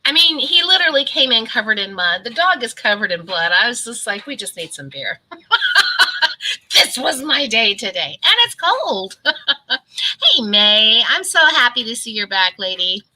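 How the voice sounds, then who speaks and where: A woman's voice: fairly high pitch, big pitch swings, normal speed, pushed and bright, low-quality recording. A middle-aged woman chatting casually on a live stream and greeting viewers by name. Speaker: keto vlogger.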